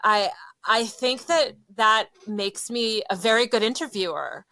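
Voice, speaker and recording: A woman's voice: a little high, a little slow, sharp tone, no room sound. A woman co-hosting a podcast, talking casually with a joking, self-deprecating manner. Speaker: podcast co-host.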